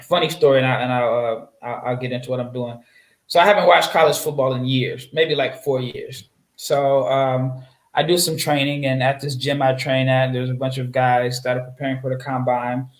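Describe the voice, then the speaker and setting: A man from Nebraska talks as a guest on a basketball podcast, easygoing and full of fillers and restarts. His voice sits at an ordinary middle pitch. The sound is roomy, with audible echo around him. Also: fairly even intonation, normal speed. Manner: rambling storyteller, many fillers and restarts. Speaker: guest draft analyst. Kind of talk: casual interview chat. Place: home setup, away from his usual mic.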